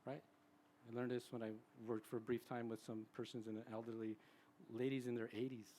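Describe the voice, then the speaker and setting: A psychologist in his sixties speaks at a live event in a conversational way, mid-pitched and relaxed. He keeps checking in with the room by asking "right?". Faint venue ambience sits behind his voice. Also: a little fast, slight background noise. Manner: chatty, tags sentences with "right?". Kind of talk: conversational public talk.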